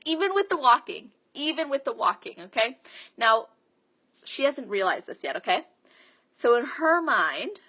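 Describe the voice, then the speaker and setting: A woman's voice: medium pitch, bright, forceful tone. A woman fitness coach earnestly telling her viewers a story, stressing points with frequent check-ins. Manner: earnest, emphatic, addresses viewers with frequent "okay?".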